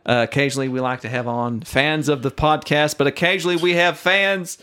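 A man's voice: a little high, fairly even intonation, brisk, sharp tone, clean tone. A man co-hosting a casual podcast, playful and rambling as he introduces a guest. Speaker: podcast co-host. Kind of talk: casual chat.

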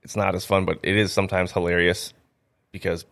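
Chatty low-voiced young comedian. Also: male voice, level tone, a little fast, vocal fry, a bit bright. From North Dakota. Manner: rambling storyteller, heavy on "like". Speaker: stand-up comedian and guest. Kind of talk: casual radio interview chat. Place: radio studio.

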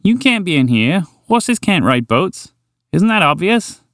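A man voicing a small, eager male park dweller who is bold, excitable and bewildered. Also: sits high, a little slow, no room sound, studio quality, voice pushed up, exaggerated voice. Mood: indignant.

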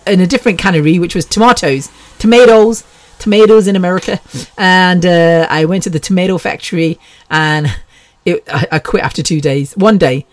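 A woman's voice: lowish voice, no echo. Chatty British woman, dry close sound. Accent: British English. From England. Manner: chatty, laughs often, swears freely. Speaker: podcast host. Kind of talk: casual solo podcast monologue.

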